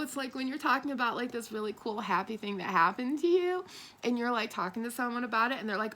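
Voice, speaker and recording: A woman giving a casual, animated spiritual talk as a tarot reader. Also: a little high, fast talker. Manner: animated, chatty, laughs often.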